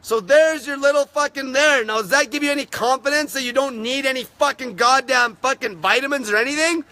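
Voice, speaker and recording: A man hosting a live stream, ranting aggressively and swearing constantly, his voice wearing raspy. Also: very high voice, fairly quick, bright, forceful tone. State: voice getting raspy from talking. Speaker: fasting channel host.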